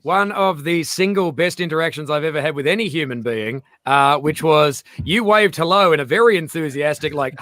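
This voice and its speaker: A man's voice: a little high, normal speed, hardly any pauses, pushed and bright, no room sound. A man from Australia, a guest on a video call, telling stories bluntly and dryly. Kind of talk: casual chat.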